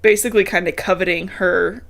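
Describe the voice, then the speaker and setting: A woman's voice: fairly low pitch, fairly even intonation, fairly quick, creaky, fairly bright tone. A woman co-hosting a podcast, recapping a book in a casual, chatty way, with lots of swearing and laughter. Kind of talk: casual chat. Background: a dog heard now and then.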